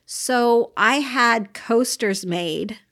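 A woman's voice: a little high, extremely slow, a bit bright. A woman co-hosting a podcast in casual chat, sometimes searching for words. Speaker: podcast co-host.

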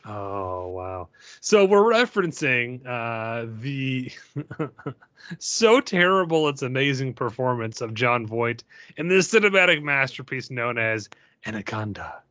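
A man hosting a podcast with friends, animated and jokey, often restarting sentences. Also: medium pitch, a little slow, no room sound. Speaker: podcast host. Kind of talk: casual chat. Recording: dull lo-fi sound.

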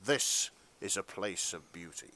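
A man's voice: deep voice, unhurried, bright, forceful tone, no echo. A man narrating a comic fanfiction reading in a mock-dramatic way, often breaking into laughter.

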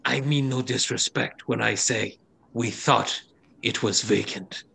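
A man voicing a tall reptilian female traveler who speaks formally and quietly. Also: mid-range voice, steady tone, gravelly, husky, exaggerated voice. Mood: apologetic. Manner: formal and quiet, slow and halting.

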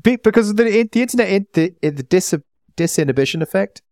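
A man co-hosting a casual podcast, animated, laughing and tripping over his words. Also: high-pitched, fast talker, dry recording, clean studio sound. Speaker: podcast co-host.

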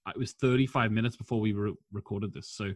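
A man hosting a casual podcast, chatty and quick to laugh, reading out listener comments. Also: on the low side, fairly even intonation, no echo. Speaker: podcast host. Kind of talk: casual chat.

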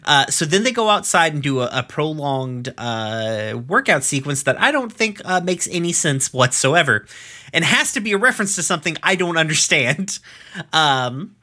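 Bright-voiced man in his thirties rambling casually. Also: on the high side, very animated, moderate pace. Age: 30s. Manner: rambling and profane, with frequent fillers and restarts. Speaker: podcast host recapping episodes. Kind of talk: casual chat.

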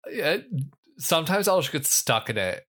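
A man's voice: on the high side, big pitch swings, normal speed, fairly bright tone. A young man co-hosting a podcast, rambling easily and joking at his own expense. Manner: easygoing, rambling, self-deprecating. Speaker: podcast co-host. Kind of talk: casual chat.

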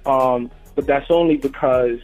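A man's voice: medium pitch, a little slow, darkish tone, lo-fi sound, faint music behind. A man co-hosting a podcast from outside the studio, talking in crude, slangy banter full of "you know what I'm saying". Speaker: podcast co-host calling in remotely.

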